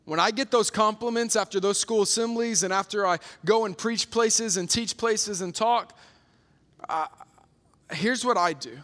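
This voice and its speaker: A young man delivers a sermon with a fairly high voice and an earnest, storytelling manner, often restarting his sentences. His voice rings out with the long reverb of a large hall. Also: a little slow, a bit bright. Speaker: preacher.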